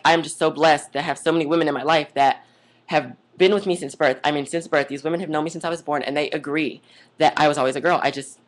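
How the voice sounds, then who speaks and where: Rambling chatty woman vlogger. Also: low voice. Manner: rambling, chatty, goes off on tangents; gushing, says "oh my God" and "like" a lot. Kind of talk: casual vlog monologue.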